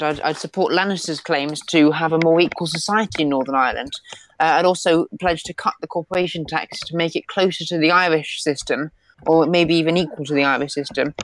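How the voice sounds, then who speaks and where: A woman answering as a panelist in a political debate, pausing often with many ums. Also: low-pitched, a little hiss or hum, poor audio.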